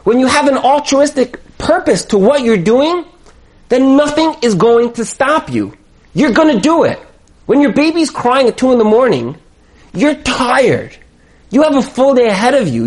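A man's voice: high-pitched, a little mellow. A man giving an emphatic motivational talk as a marriage coach, hammering home his points with repetition.

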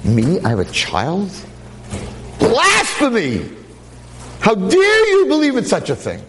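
A man voicing God as outraged and incredulous, booming out his disbelief. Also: big pitch swings, extremely slow, in a large hall, background noise, full character voice. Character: outraged almighty God, thundering.

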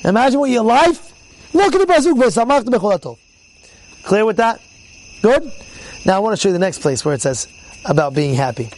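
A man teaching an informal Torah class as a rabbi, telling stories with lots of repetition and acting out the people in them loudly. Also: sits high, fairly quick, long pauses, slight background noise, poor audio. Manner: animated storyteller, repeats words, acts out quotes loudly.

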